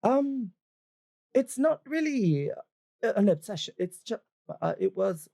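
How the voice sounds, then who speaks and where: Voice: medium pitch, very animated, normal speed, warm tone, pitched above the performer's own voice. A game master voicing a scheming half-elf woman who gushes with fake sweetness. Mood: gushing. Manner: gushing, stammering, theatrical.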